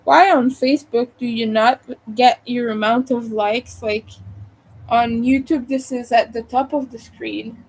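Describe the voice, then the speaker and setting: A woman chats to her livestream audience as she crochets, her voice a little high and her pace unhurried. She sounds tired and drifts between remarks to viewers and comments to herself, recorded on a desk mic. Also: fairly even intonation, darkish tone, a little hiss or hum, low-quality recording. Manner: chatty, talks to herself between pauses. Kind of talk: casual livestream chat while crocheting.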